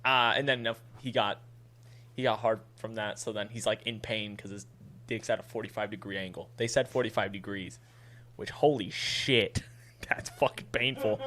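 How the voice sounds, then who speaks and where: In a fairly low voice at normal speed, a young podcast co-host trades casual banter, retelling crude stories with lots of laughs and frequent swearing. His storytelling is lively and animated.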